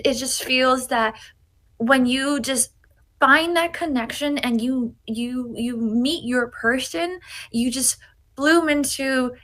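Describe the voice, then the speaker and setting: A woman voicing a sweet, earnest young woman in love, talking over a video call. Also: fairly high pitch. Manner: gentle, earnest, halting.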